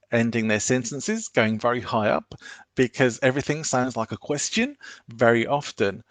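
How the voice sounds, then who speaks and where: A man giving an online business presentation, coaching the audience in a measured, instructive way. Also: medium pitch, creaky, a bit bright, no echo.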